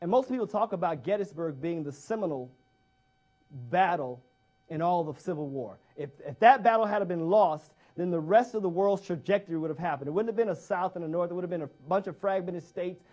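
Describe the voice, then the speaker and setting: A man with a fairly high-pitched voice delivers a motivational speech. He speaks emphatically and repeats key phrases to hammer each point home. He often puts direct questions to his listeners. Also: brisk, a little mellow.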